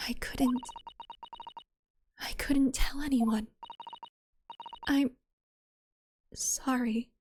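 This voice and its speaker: A woman's voice: a little high, lively intonation, slow pace, pauses often, a little hiss or hum. A woman voicing a frightened young female witness in a game, hesitant and stammering. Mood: fearful. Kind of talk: voicing a game character on stream.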